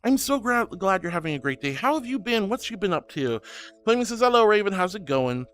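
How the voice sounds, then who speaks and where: A man's voice: high voice, very animated, brisk, fairly bright tone. A man streaming live as a VTuber, reading out viewer messages and thanking them in a gushing, giggly way.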